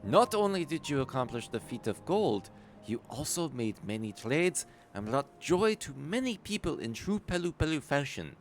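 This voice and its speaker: A man reading the lines of a small, formal storyteller from a merchant clan, measured and solemn. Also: mid-range voice, sing-song, faint music behind, pitched above the performer's own voice. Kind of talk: reading game dialogue aloud.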